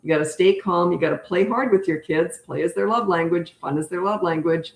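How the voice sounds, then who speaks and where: On a live stream, an older woman with a lowish voice fields viewers' parenting questions at a fairly quick clip. She's chatty and emphatic, pressing her main points hard, and her room echoes clearly.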